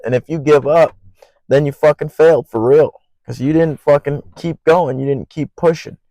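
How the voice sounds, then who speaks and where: A young man hosting his own podcast alone, rambling in an earnest, profane way and naturally loud. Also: a little high, fairly even intonation, moderate pace, dry recording, muffled recording. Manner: loud by habit. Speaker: podcast host. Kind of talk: casual solo podcast monologue.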